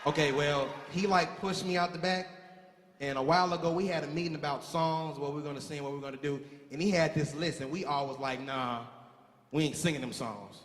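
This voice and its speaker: High-voiced man joking with a theater crowd. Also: fairly even intonation, fairly bright tone. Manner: joking, teasing the crowd, drawn-out sighs. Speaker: stage emcee and singer. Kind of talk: comic stage banter with a live audience. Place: theater stage with live audience. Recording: echoey theater hall with live music.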